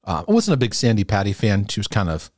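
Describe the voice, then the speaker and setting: A man's voice: lowish voice, wildly swooping pitch, fast, darkish tone, no echo, clean studio sound. A middle-aged man, a host and former youth pastor, talking casually and reflectively to a camera, often repeating himself, restarting phrases and chuckling. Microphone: camera in front of him.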